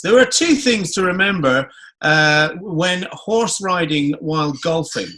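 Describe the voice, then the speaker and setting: A man improvising a silly story and a mock lecture over a video call, in a playful deadpan. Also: fairly high pitch, measured pace. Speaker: improv performer.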